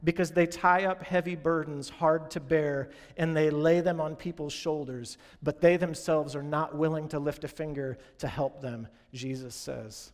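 A man's voice: fairly high pitch, fairly even intonation, normal speed, hardly any pauses, big-room sound. A man preaching a sermon in an earnest, direct way, talking straight to his congregation. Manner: earnest, direct, addresses congregation as "you guys". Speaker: pastor.

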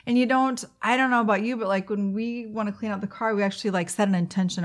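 A woman in her forties co-hosting a casual chat show, chatty and rambling, quick to laugh. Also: mid-range voice, fairly even intonation. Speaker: podcast co-host.

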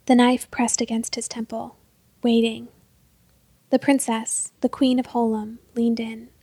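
Softly and slowly, a woman narrates a story, often dropping to a half-whisper. Her fairly high voice has a gravelly fry and a flat delivery, recorded close and dry with no echo.

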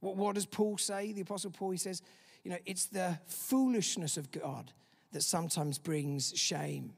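Man, pastor, sermon, high voice, animated, long hall reverb. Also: moderate pace, gravelly, slightly rough. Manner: animated preaching with acted-out inner voices.

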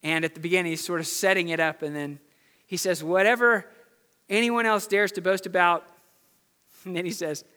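A man's voice: sits high, fairly even intonation, normal speed, long pauses, pushed and bright, clean tone, big-room sound. A man preaching a sermon as pastor in a church, building his points through emphatic repetition. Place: church sanctuary.

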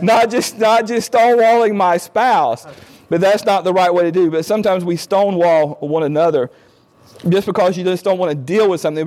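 High-voiced earnest middle-aged man. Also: a little mellow. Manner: earnest and conversational, acting out quoted lines to his spouse. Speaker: speaker on marriage. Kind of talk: informal talk on marriage advice.

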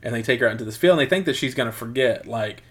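A man's voice: medium pitch, lively intonation, racing, a bit bright, breathy edge. A man casually retelling a film's plot as a podcast co-host, rambling with plenty of fillers. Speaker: podcast co-host reviewing a film. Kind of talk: casual chat.

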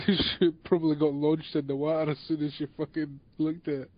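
A man's voice: a little high, little pitch movement, brisk, no echo, dull audio. A young Scottish man co-hosting a casual film chat, blunt and sweary. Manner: blunt, sweary, laughs easily. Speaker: podcast co-host.

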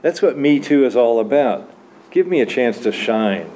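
A glib, self-assured male AI clone with a mellow, low-key voice, as a man reads him aloud at a church literary evening. He talks slick and sure of himself, with a faint hum of the room behind. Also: expressive, normal speed, lightly acted. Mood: smug.

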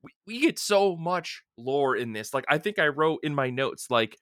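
A man's voice: on the high side, moderate pace, no room sound, studio quality. A man co-hosting a podcast, talking casually and animatedly as he recaps a TV episode and acts out bits of dialogue. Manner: animated, retells scenes with quoted voices. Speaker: podcast co-host.

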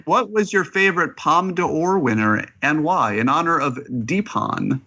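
Bright-voiced man with dry wit. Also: on the high side, animated, unhurried, highs cut off. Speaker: film critic. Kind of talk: casual panel chat.

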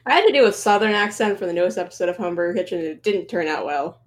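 A woman's voice: fairly low pitch, racing. A woman co-hosting a casual podcast who pokes fun at herself. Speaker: podcast co-host. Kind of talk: casual chat.

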